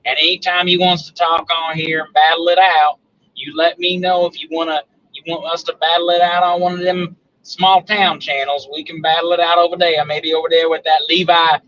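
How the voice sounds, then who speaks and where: A man's voice: on the high side, little pitch movement, brisk, fairly bright tone, muffled recording. A man with a Southern accent calling in to a live sports show, talking in a folksy, teasing drawl. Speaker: caller. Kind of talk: casual call-in banter.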